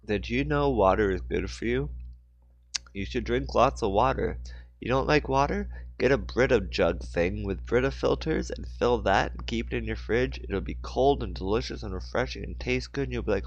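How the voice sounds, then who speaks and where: Low gravelly man reading his book. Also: expressive, moderate pace, no room sound, highs cut off. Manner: rambling, jokey asides. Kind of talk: casual book reading with asides.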